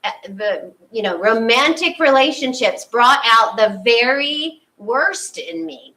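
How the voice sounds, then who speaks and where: A woman's voice: mid-range voice, sharp tone. A woman, a spiritual leader, giving a conversational sermon and acting out her own inner thoughts, heard from a distance.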